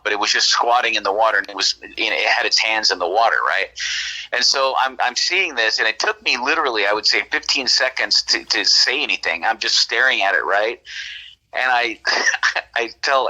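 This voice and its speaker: A man's voice: on the low side, pushed and bright, rough recording. A man from California telling a long story in a casual, rambling way, full of restarts and "right?" checks. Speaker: podcast guest.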